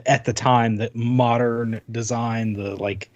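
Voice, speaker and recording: Slow and fairly even in intonation, this man has a mid-range, darkish voice, and the recording is lo-fi with no echo. He's a podcast co-host chatting casually, rambling and restarting often while showing off a console.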